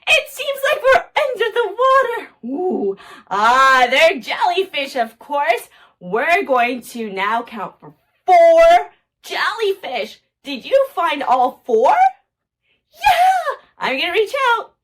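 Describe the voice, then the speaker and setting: A woman's voice: sits high, sing-song, slow pace, fairly bright tone. A woman hosting a toddler counting lesson, talking in an exaggerated sing-song way with gasps and cheers. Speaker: children's educational video host.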